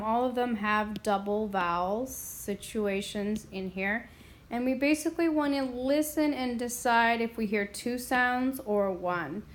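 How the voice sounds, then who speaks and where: A woman explaining a Spanish grammar lesson in a slow, deliberate way, stopping now and then to clear her throat. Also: a little high. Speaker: Spanish teacher.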